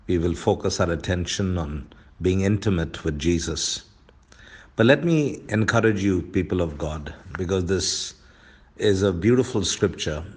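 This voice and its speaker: A man preaching a morning devotion to his church, speaking in a measured way and slowing down to read scripture and hymn verses. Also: low-pitched. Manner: clears throat now and then. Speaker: pastor. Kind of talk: devotional sermon.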